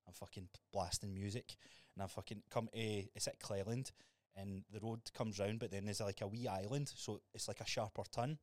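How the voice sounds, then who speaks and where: A young Scottish man co-hosting a podcast, telling stories in a sweary, animated way. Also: lowish voice, brisk, no room sound, studio quality. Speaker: podcast co-host. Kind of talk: casual chat.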